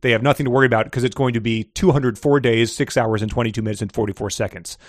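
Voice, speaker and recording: A man's voice: medium pitch, steady tone, quick pace, dry recording, clean studio sound. A man co-hosting a casual podcast about a book, laughing often and trailing off into restarts as he talks. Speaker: podcast co-host. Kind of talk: casual book-discussion chat.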